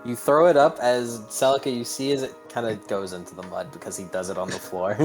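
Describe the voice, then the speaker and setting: A man narrating a tabletop game with loud, laughing, crude banter. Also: mid-range voice, fairly even intonation, fairly quick, soft background music, poor audio.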